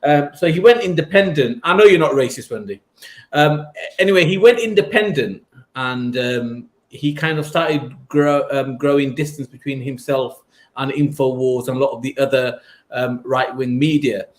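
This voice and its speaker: A man's voice: medium pitch, moderate pace. A man hosting a casual podcast, rambling with frequent ums and wry asides. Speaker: podcast host.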